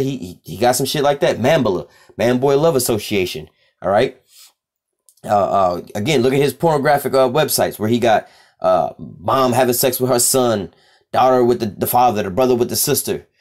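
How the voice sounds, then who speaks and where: A man teaching scripture casually, reading verses aloud slowly and commenting bluntly with street profanity. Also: mid-range voice, darkish tone. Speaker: religious teacher.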